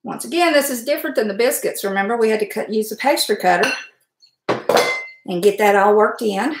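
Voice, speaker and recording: A woman's voice: fairly high pitch, brisk, echoey room, slight background noise, low-quality recording. A woman hosting a live cooking stream, chatty and folksy, greeting viewers and laughing often. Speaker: cooking livestream host. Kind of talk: casual live cooking demo. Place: home kitchen.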